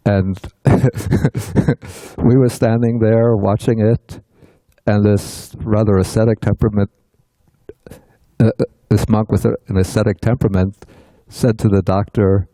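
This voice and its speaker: Older man teaching, low and mellow. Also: a little slow, no echo, low-quality recording. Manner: relaxed storytelling, laughs often. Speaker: teacher leading a sutta study class. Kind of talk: casual teaching talk.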